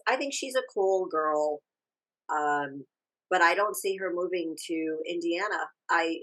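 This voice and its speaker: A woman with a low voice co-hosts a relaxed podcast chat. She gives her opinions freely and often trails off and starts her sentences again. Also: low-quality recording. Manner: chatty, opinionated, trails off with restarts. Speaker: podcast co-host. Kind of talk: casual chat recapping a TV show.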